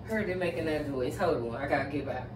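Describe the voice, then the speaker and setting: A woman's voice: sits low, fast, noisy background. Woman tarot reader, dramatic and rambling; distant mic in an echoey room, faint music underneath. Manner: dramatic, rambling asides, exclamations. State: shaken, catching her breath. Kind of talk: casual spoken tarot reading. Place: home room.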